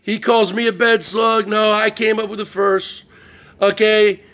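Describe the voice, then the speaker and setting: A man's voice: sits high, flat delivery, a little slow, a bit bright. A middle-aged man hosting his own show, ranting in a boastful livestream monologue and often asking "okay?". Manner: boastful, repeats "okay?" and "I came up with that". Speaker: show host.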